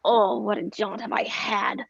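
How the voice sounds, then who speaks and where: A woman playing a gravelly, groaning old nurse. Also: medium pitch, little pitch movement, measured pace, a bit bright, no room sound, muffled recording, exaggerated voice. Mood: complaining. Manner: complains with groans and whispered asides. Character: weary old nurse, fussy and teasing. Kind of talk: video-call table read of a play.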